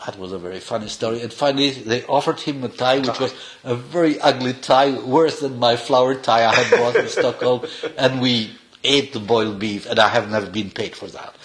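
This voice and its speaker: An older man, a cinematographer, telling animated, rambling stories in casual, non-native English with restarts. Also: mid-range voice, a little fast, few pauses. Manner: rambling, animated anecdotes with frequent laughs and restarts. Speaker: cinematographer being interviewed. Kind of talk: casual anecdotal storytelling.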